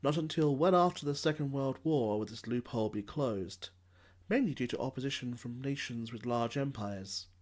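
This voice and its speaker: A man's voice: mid-range voice, normal speed. A man narrating a scripted history episode, dropping in wry, sardonic asides.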